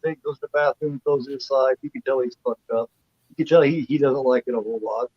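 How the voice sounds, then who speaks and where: A man's voice: mid-range voice, fairly even intonation, fast talker, husky, no room sound. A man co-hosting a casual film review livestream, retelling scenes in a rambling way with many fillers and restarts. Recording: dull lo-fi dry sound.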